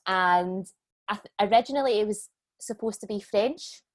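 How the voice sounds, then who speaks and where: A Scottish woman in her thirties, a business owner chatting as a podcast guest, relaxed and self-deprecating, laughing often. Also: mid-range voice, moderate pace. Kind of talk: casual podcast chat.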